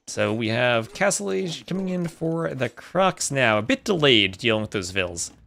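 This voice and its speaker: A man's voice: mid-range voice, sing-song, normal speed, vocal fry, a bit bright, a little hiss or hum. A man casting a strategy game tournament on a live stream in a chatty way, breaking off to thank viewers. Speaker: tournament host and caster. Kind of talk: live-streamed esports commentary.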